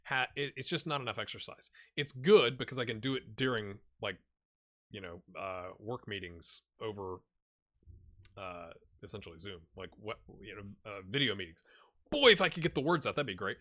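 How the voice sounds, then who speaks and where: A man in his forties talks through a video game in a loose, rambling way, often poking fun at himself. His voice is bright and forward, and it carries a lively edge. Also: lowish voice, moderate pace. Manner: rambling, self-deprecating, chatty. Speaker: gaming YouTuber. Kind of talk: casual let's-play commentary.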